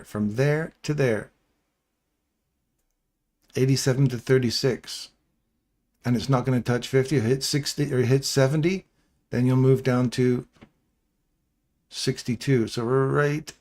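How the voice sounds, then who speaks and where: A man's voice: mid-range voice, a little mellow. A middle-aged man hosting a live stream, talking viewers through trades in a chatty, rambling, jokey coaching way. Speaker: trading stream host. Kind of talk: casual live trading walkthrough.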